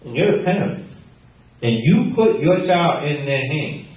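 A man preaching a teaching sermon, animated and laughing often, acting out the quotes he reads. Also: a little high, measured pace. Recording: roomy, distant, muffled.

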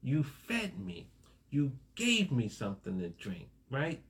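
A man's voice: mid-range voice, wildly swooping pitch, slow pace. A man preaching a sermon in a casual, conversational way, often asking "right?" and laughing along with listeners. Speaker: pastor.

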